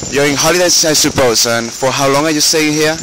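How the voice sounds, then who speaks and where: A man interviewing a tourist on the street, asking halting questions and saying "okay" often. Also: on the high side, rough recording. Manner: halting, repeats words, says "okay" often. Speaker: student interviewer. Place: city street outdoors. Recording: loud street traffic noise. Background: passing vehicles and city street ambience.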